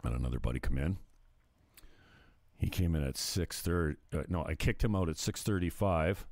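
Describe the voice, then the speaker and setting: A man's voice: a bass voice, animated, normal speed, creaky, a little mellow, no echo. A man hosting his own livestream, ranting in a casual, profane, rambling way, often getting sidetracked and laughing at himself. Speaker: livestream host.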